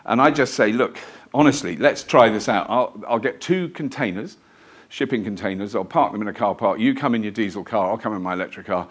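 A man's voice: fairly low pitch, brisk. A man giving a live lecture to an audience in a museum lecture theatre, telling stories in a chatty, rambling, self-deprecating way. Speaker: guest lecturer.

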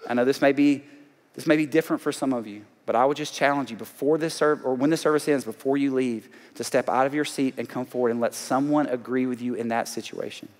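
A man's voice: mid-range voice, fast talker. A man from Alabama with a Southern accent, preaching a sermon to a congregation with emphatic call-outs. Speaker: pastor. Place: large church auditorium. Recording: long hall reverb.

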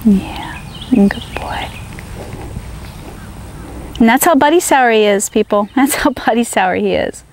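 Firm, high-voiced woman horse trainer. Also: expressive, moderate pace, slight background noise. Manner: firm, coaxing the horse with short praise. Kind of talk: riding demonstration, talking to horse and viewers. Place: outdoors on horseback.

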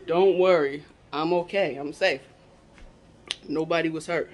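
In a low, unhurried, slightly mellow voice with a steady tone, a mother records a home vlog, chatting with viewers about cooking as she works in the kitchen. She laughs frequently throughout.

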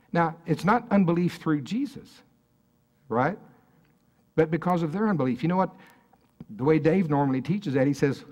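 A man's voice: a little high, lively intonation, fairly quick, darkish tone, dull audio. A man preaching a sermon at a church service in a conversational way, often asking the congregation questions.

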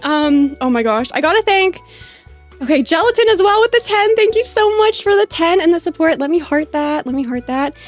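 A woman's voice: very high voice, animated, a little fast, soft background music. A woman hosting a live stream, gushing and bubbly as she thanks her chat one by one.

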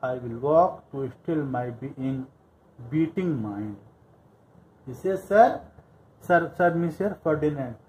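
A man's voice: medium pitch, slow pace, a little mellow, a little hiss or hum, rough recording. A male teacher explaining a play line by line. He reads each line, then paraphrases it, repeating phrases with many fillers.

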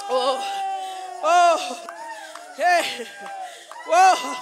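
A woman pastor leading a fervent, shouted prayer in a church service, chanting repeated cries and speaking in tongues. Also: very high voice, steady tone, very slow, pauses often, crowd noise, background noise. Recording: live church recording with loud music and congregation. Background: loud worship music and congregation.

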